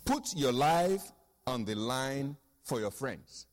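A man's voice: medium pitch, lively intonation, slow, long reverb tail. A man preaching a sermon as pastor, emphatic, repeating key phrases and asking the congregation for an amen.

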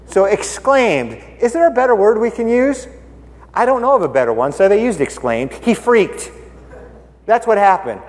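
A man giving a relaxed sermon in a rather high voice that swings widely up and down. He teases his listeners with rhetorical questions and acts out the characters. His voice rings with long reverb in a hall. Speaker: preacher teaching the Bible. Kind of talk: conversational sermon.

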